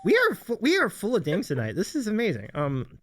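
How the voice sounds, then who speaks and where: A man's voice: high-pitched, huge pitch swings, brisk, fairly bright tone, a little hiss or hum. A man hosting a casual livestream chat, reading viewer comments aloud and laughing often. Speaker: host.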